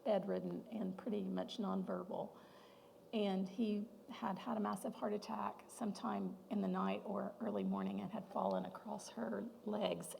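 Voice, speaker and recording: A woman speaking as a guest at a women's luncheon, sharing a personal testimony in a heartfelt, halting way that sometimes sinks to a near whisper. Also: medium pitch, vocal fry, warm tone, slight background noise, rough recording.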